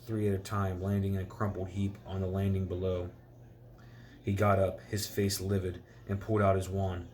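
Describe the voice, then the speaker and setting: Low, flat-voiced dad reading aloud. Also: male voice. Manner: stumbles and restarts, pauses to explain words. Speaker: parent reading to a child. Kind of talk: bedtime story reading.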